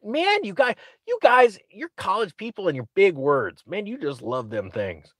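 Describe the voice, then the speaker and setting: Sarcastic man with a lively, rising voice. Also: high voice, moderate pace, breathy edge, no echo. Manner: sarcastic, acts out quotes in mocking voices. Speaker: commentator. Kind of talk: opinionated commentary.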